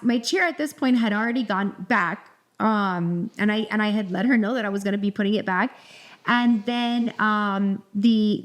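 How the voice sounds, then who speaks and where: Chatty higher-voiced woman telling a story. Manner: rambling, animated storytelling with many restarts. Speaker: podcast co-host. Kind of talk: casual storytelling chat.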